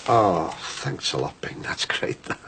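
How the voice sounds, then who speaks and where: A man playing a worried working-class father running a shop, talking warmly and gratefully to his mates in a TV soap drama. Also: a bass voice, lively intonation, unhurried, slight background noise, exaggerated voice. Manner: warm, chatty and grateful. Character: grateful working-class dad of a sick son.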